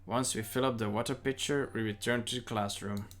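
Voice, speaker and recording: A man's voice: fairly low pitch, fairly even intonation, fairly quick, a bit bright. A man streaming a visual novel, reading its narration and every character's lines in his own voice and breaking off for joking asides. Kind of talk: casual let's-play narration and dialogue reading.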